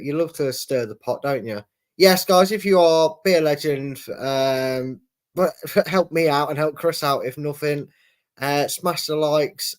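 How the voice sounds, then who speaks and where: A man hosting a live football fan watchalong, chatting casually and reading out viewer messages with plenty of ums and restarts. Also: a little high. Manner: chatty, reads viewer messages aloud with many fillers. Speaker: fan channel host reading chat.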